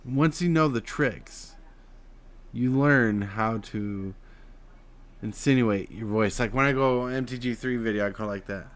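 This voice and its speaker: A man's voice: mid-range voice, slow. Man from Utah chatting on a live stream. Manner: explains voice technique, swings between flat drawl and excited emphasis. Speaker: streamer host. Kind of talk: casual live-stream chat.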